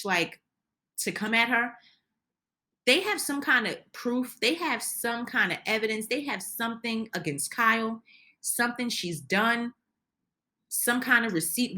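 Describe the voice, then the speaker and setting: A woman's voice: on the high side, sharp tone. A woman giving an opinionated recap of a reality show, ranting heatedly and indignantly, often restarting her sentences. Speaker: reality TV commentator.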